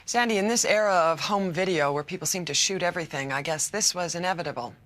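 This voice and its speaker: A woman plays a TV news anchor reading bulletins in a crisp, measured way. Her voice sits on the low side for a woman. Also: a bit bright, natural voice.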